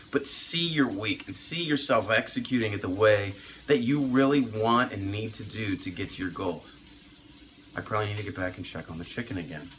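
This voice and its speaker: A doctor chats casually through a cooking vlog in his home kitchen, upbeat and poking fun at himself as he talks meal prep. His mid-range voice has a fairly bright tone. Kitchen sizzle runs underneath, with slight background noise on a rough recording.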